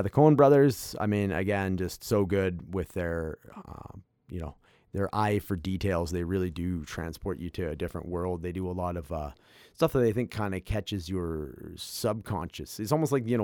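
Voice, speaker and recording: A man's voice: low voice, darkish tone, no room sound, clean studio sound. A young man, hosting a casual movie review chat, rambling with many fillers and restarts. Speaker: movie review podcast host.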